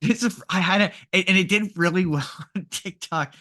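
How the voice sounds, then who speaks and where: A man's voice: high voice, brisk, bright, forceful tone. A man co-hosting a podcast, talking casually and rambling with frequent restarts. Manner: rambling, many restarts and laughs. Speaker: podcast co-host. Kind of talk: casual chat.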